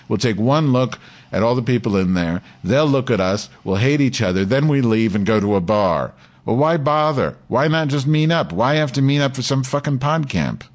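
A man hosting a live podcast, talking in a crude, profane, ranting way to his listeners. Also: mid-range voice. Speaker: podcast host. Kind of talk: live call-in podcast chat.

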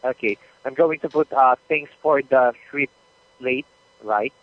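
Heard through a tinny, dry phone connection, this man handles a customer service call as a supervisor. His medium-pitched voice moves at a measured pace, patient and courteous, with some hesitant fillers.

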